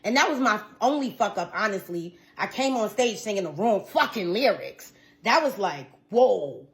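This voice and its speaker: A woman's voice: medium pitch, lively intonation, normal speed. A young woman singer telling a story in a casual vlog, venting in a blunt, profane, slangy way.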